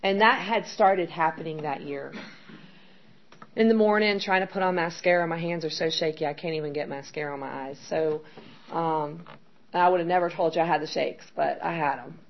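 In a low-pitched voice at a moderate pace, a middle-aged woman gives frank personal testimony about recovering. Her account rambles with lots of fillers, and the audio is dull and lo-fi with faint background noise.

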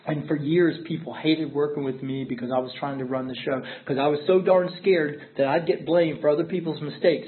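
A man's voice: on the high side, slight background noise. A middle-aged man telling his recovery story at a meeting, candid and emphatic, circling back on repeated phrases. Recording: tinny phone-like audio.

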